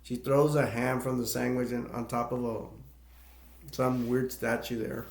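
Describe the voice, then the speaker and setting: A man's voice: medium pitch, level tone, unhurried. A man casually retelling a film's plot as a movie reviewer, rambling and laughing between points. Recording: echoey room.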